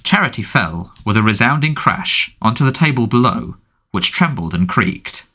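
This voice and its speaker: Expressive low-voiced male audiobook narrator. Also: moderate pace, husky. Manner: expressive storytelling. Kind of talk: scripted narration.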